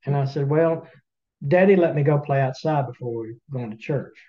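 A man's voice: medium pitch, moderate pace, mellow, lo-fi sound. A man with a Southern US accent, a podcast co-host telling a folksy story to listeners in a drawling, chatty way with teasing asides. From Southern United States.

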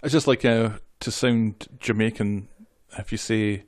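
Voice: medium pitch, fairly even intonation, unhurried, dry recording, clean studio sound. A podcast co-host in casual chat, reading out episode trivia and joking along. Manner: reads trivia notes, jokey, laughs easily.

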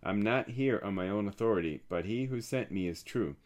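A calm, solemn teacher speaks in an earnest, measured way, as a man reads his words aloud. The voice sits fairly low and never hurries. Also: natural voice.

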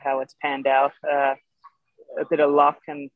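A young Australian man with an Irish-tinged accent, a showjumping guest chatting casually, halting with many fillers and restarts. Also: fairly high pitch, completely flat delivery, no echo. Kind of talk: casual interview chat. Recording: dull lo-fi podcast sound.

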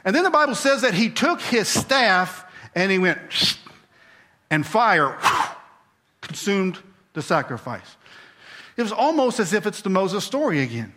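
A man's voice: sits high, big pitch swings, unhurried, sharp tone. A man preaching a sermon, talking to the congregation and acting out the characters. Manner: conversational, acts out voices, asks the congregation. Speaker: pastor.

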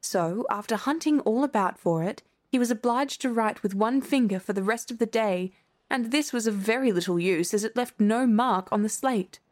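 A woman narrating a classic children's storybook in a measured, clear way. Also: fairly high pitch, darkish tone. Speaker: audiobook narrator. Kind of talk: storybook reading.

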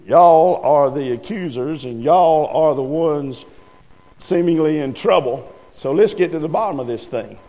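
Casting: a slow, teasing preacher, played by a man, somewhat high voice, echoey hall. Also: mellow, lightly acted. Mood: shrewd. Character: calm, shrewd older male small-town preacher. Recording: echoey hall, faint music.

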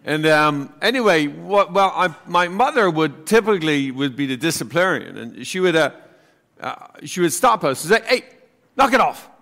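A priest with a slightly high voice preaches to his congregation in a loose, conversational manner, full of pauses and restarts. He slips into the voices of the people in his anecdotes, and his words ring out with a long reverb through the church. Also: animated, gravelly, a bit bright. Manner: chatty, halting, acts out voices in his story. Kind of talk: homily with personal storytelling.

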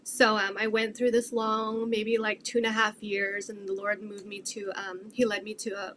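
A woman's voice: medium pitch, monotone, normal speed, a bit bright, slight background noise. A middle-aged woman earnestly telling her faith testimony in an interview, rambling with many fillers. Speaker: guest sharing her testimony.

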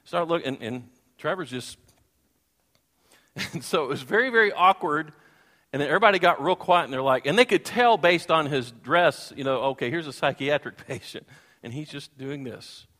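A male pastor delivers a storytelling sermon with lively energy, slipping into the voices of the people in his story. His voice sits a little higher than most men's. The sound rings out with a long hall reverb. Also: moderate pace. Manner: animated, acts out voices and sings. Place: church hall.

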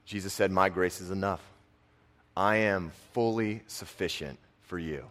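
A young man giving a casual, conversational sermon, dropping his voice soft on key lines. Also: low voice, a little slow. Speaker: preacher and football coach.

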